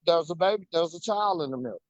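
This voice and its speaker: A man's voice: on the high side, expressive, quick pace, no room sound, lo-fi sound. A man co-hosting a casual talk show, speaking emphatically and repeating words for stress. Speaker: podcast co-host. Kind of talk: casual conversation.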